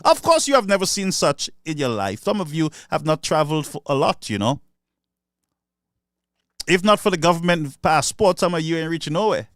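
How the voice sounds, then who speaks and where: A man's voice: fairly high pitch, a bit bright, no room sound, studio quality. A man with a Saint Lucian accent giving an impassioned political speech, sarcastic and mocking. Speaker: political commentator.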